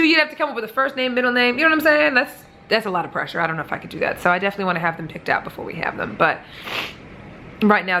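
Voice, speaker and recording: A young woman, pregnant, chats straight into the camera in a relaxed vlog. She is blunt and swears freely, with lots of fillers. Her voice sits at a middle pitch. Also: a little hiss or hum. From American Midwest. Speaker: vlogger. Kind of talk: casual chat to camera.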